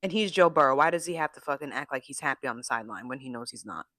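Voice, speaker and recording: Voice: medium pitch, animated, rapid-fire, pushed and bright, dry recording, clean studio sound. A sports podcast co-host talking football in a blunt, profane, casual way. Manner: blunt and profane, acts out players' imagined thoughts.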